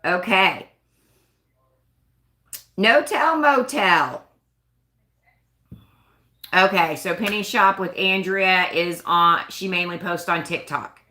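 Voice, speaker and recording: A woman's voice: on the low side, fairly even intonation, a little slow, few pauses, bright, forceful tone, reverberant. A woman hosting a casual live stream, chatting and rambling in a self-conscious way. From United States. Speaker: livestream host.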